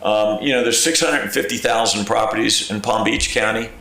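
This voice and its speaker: His voice sits on the low side and comes out brisk and creaky. The man, a county clerk of court, addresses a village council in a very echoey chamber, acting out phone calls and quotes as an animated storyteller and repeating "okay?" to stress his points in a conversational manner.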